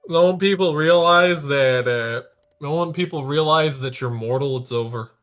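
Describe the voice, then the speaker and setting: A man's voice: a little high, normal speed, a bit bright, soft background music. A man playing in a tabletop game, talking in a goofy way and swearing casually. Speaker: player. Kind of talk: joking tabletop chat.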